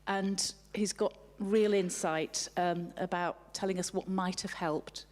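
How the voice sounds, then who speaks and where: A woman from the organisers introducing a guest speaker to a live audience, praising him warmly. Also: lowish voice, fairly even intonation, slow. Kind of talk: formal introduction. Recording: reverberant hall.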